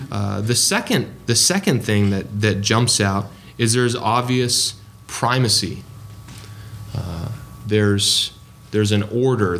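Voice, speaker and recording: A man's voice: lowish voice, a bit bright, slight background noise. A man preaching a sermon in a conversational way, with frequent ums and restarts.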